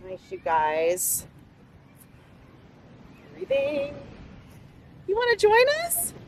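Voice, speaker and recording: A woman's voice: high-pitched, wildly swooping pitch, very slow. A woman fitness instructor leading a live outdoor workout class on a beach, giving upbeat, encouraging cues. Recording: distant mic outdoors with faint background noise.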